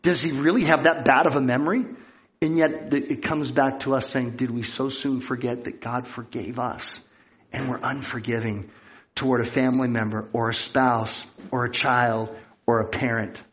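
A man preaching a sermon, reading scripture aloud and acting out the characters of the story with lively storytelling. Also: medium pitch, normal speed, lo-fi sound. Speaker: pastor.

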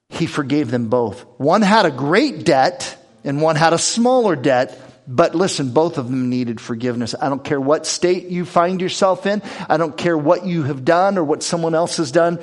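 Man, sermon, scripture reading, conversational preaching, rhetorical questions, fairly high voice. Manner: expository preaching, reading scripture aloud and explaining it. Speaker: pastor.

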